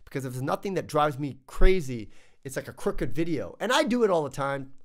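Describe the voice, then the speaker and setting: A man's voice: a little high, expressive, a little fast. A man reviewing tech gear in a casual vlog, ranting with exasperation and stumbling over restarts.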